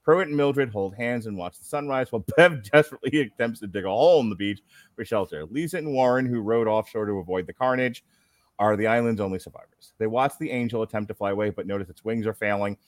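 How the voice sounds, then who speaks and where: A man's voice: on the low side, quick pace, no echo, studio quality. A man hosting a podcast, reading a plot recap aloud and breaking off with wry, sarcastic asides. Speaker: podcast host.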